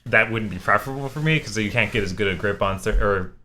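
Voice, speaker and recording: A man's voice: on the low side, fast talker, bright, forceful tone, a little hiss or hum. A man co-hosting a casual podcast chat, easygoing and agreeable. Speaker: podcast co-host, game store worker.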